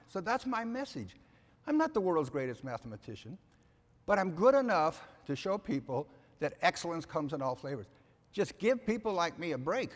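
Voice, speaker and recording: Emphatic older man giving a keynote. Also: high-pitched. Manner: emphatic, repeats "okay?" to the audience. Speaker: keynote speaker. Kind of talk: animated keynote speech. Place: conference hall. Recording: reverberant hall sound.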